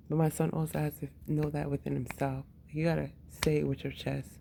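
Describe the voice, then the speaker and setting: A woman's voice: low-pitched, level tone, fairly quick, vocal fry, hardly any pauses, dark tone, slight background noise. A woman and mother talking candidly in a casual personal monologue, swearing freely and laughing often.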